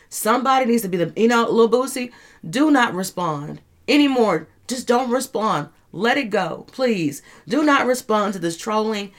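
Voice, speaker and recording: A woman's voice: fairly high pitch, expressive, moderate pace. A woman hosting a casual commentary show, chatty, rambling and laughing as she talks. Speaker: host.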